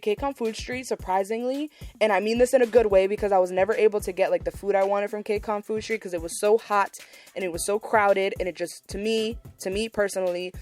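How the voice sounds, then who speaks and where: A woman's voice: medium pitch, a little mellow. A young woman hosting her podcast, chatting casually and gushing, repeating words for emphasis. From Massachusetts, USA. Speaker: podcast host. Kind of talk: casual solo podcast recap.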